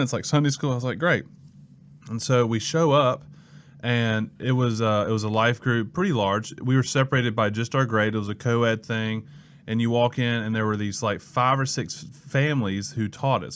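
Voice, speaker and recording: In a clear, resonant, medium-pitched voice and at a fairly quick clip, a young man from Mississippi who serves as a student pastor recounts his story during a relaxed interview. He brings quoted people to life by acting them out.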